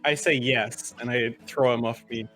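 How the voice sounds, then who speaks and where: A man's voice: mid-range voice, steady tone, normal speed, fairly bright tone, soft background music. A man taking part in a tabletop game as a player, talking in a brash, jokey way and laughing a lot. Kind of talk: tabletop game play, casual chat.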